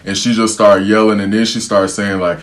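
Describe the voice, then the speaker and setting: A young man telling a story to camera in a casual, slangy, animated way, acting out what people said. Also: lowish voice, a little fast. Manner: animated, slangy storytelling, repeatedly saying "bro", acting out quotes.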